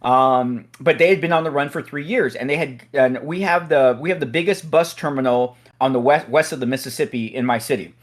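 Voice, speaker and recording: A man hosting a casual chat, telling a police story in an animated way and getting loud at the punchlines. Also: medium pitch, brisk, few pauses. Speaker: host, SWAT officer.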